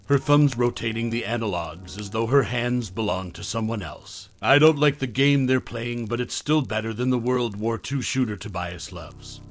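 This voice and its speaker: A man's voice: mid-range voice, normal speed, hardly any pauses, dry recording, soft background music. Man narrating a horror story. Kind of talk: scripted first-person horror narration.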